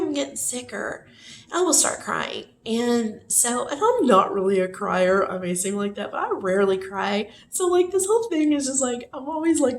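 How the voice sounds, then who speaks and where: A woman's voice: fairly high pitch, gravelly. A woman casually telling a personal story to the camera, rambling with many fillers and self-corrections. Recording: echoey room with faint noise.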